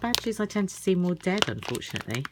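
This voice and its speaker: A woman's voice: fairly low pitch, big pitch swings, fast, heavy background noise. A woman craft vlogger chatting casually while unboxing parcels at home at night, rambling with little asides. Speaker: works in a school with children.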